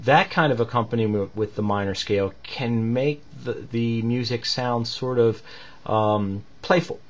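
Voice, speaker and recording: A man's voice: mid-range voice, measured pace, lo-fi sound. A man teaching a recorded music lesson, explaining patiently with many fillers between demonstrations.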